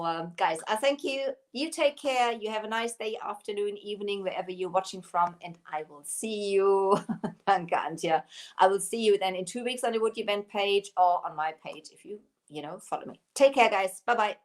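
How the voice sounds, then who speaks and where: A woman's voice: mid-range voice, normal speed. A woman with a German accent hosting a casual live stream about her craft shop, chatty and laughing often as she reads viewer comments. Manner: giggly, laughs often while talking.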